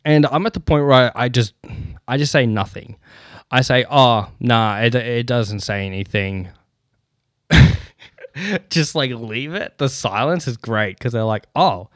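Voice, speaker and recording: A man's voice: medium pitch, unhurried, long pauses, no room sound, clean studio sound. A man hosting a casual solo podcast, telling stories with lots of swearing, laughing between lines and getting worked up in rants. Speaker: podcast host.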